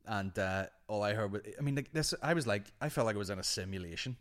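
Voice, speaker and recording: A man's voice: lowish voice, quick pace. A man with a Northern Irish accent hosting a podcast, telling rambling, sweary stories in casual chat. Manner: sweary, rambling, animated anecdotes. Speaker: podcast host.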